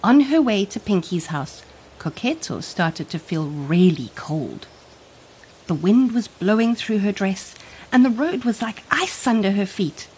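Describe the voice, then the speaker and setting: A woman narrating a children's storybook in an expressive, animated read-aloud. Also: mid-range voice, a little slow, a little hiss or hum.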